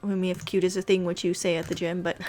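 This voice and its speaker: A woman's voice: fairly low pitch, little pitch movement, fast, darkish tone, a little hiss or hum. A woman casually narrating a life-sim game story, chatty and giggly, with dramatic asides. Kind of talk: casual let's-play storytelling.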